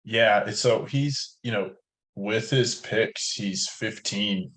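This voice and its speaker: A man's voice: on the low side, takes it slowly, fairly bright tone, rough recording. A man talking through a fantasy football roster in a casual podcast chat, thinking aloud with frequent fillers. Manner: thoughtful, hedging with fillers.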